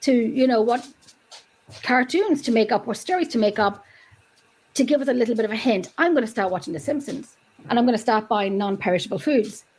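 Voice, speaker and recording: A woman's voice: a little high, lively intonation, a little fast, a little mellow, husky, rough recording. A woman co-hosting a casual chat show, chatty and rambling, laughing often.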